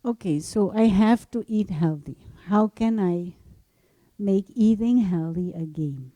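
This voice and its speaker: A woman meditation teacher telling a story in a gentle spiritual talk, laughing softly now and then. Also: mid-range voice, dry recording. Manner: slow, gentle storytelling with frequent soft laughs.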